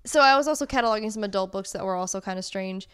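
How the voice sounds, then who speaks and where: A woman's voice: mid-range voice, very fast, a bit bright, clean tone. A woman from Massachusetts co-hosting a podcast, chatting casually and wryly about odd library books. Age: adult, married. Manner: chatty, wry, reads book blurbs aloud. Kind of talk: casual chat.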